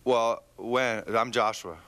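A man being interviewed as a musician, joking and halting with fillers. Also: medium pitch, steady tone, a bit bright. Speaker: musician guest. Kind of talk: casual interview.

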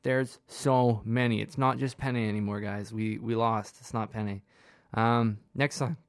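A man's voice: fairly low pitch, steady tone, unhurried, dry recording, studio quality. A man in his twenties hosting a radio show, chatting in a casual, rambling, self-deprecating way with lots of fillers. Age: 20s. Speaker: radio host.

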